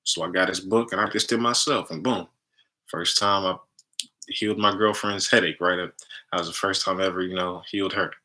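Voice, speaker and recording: Deep-voiced man pitching energy healing. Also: fairly even intonation, a little fast, bright, forceful tone. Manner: chatty, tags nearly every phrase with "right?". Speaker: spiritual healer and content creator. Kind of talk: casual promotional monologue.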